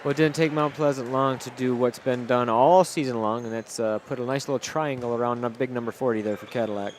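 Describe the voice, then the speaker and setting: A man with a Michigan accent giving color commentary at a high school basketball game, explaining plays like a coach. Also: fairly even intonation, fairly quick. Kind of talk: live basketball analysis. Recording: gym ambience, bouncing ball noise.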